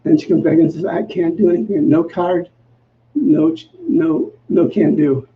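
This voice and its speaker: A high-voiced male minister telling a story in a sermon, playing out each side of the conversation with self-mocking humor. The recording is a little dull and muffled, with a faint hiss behind him. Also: normal speed. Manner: acts out quoted dialogue in a lively, self-mocking way. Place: church sanctuary.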